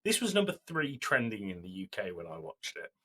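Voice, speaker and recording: Male co-host, husky forceful voice, loose rambling storyteller. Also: lowish voice, wildly swooping pitch, brisk. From Britain. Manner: rambling storytelling recap with fillers. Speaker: podcast co-host. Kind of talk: casual chat.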